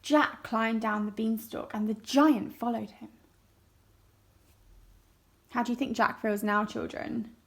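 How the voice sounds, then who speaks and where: Teacher reading a story to young children, slow and clear, raised pitch. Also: female voice, steady tone. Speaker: primary school teacher. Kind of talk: reading a story aloud for a lesson.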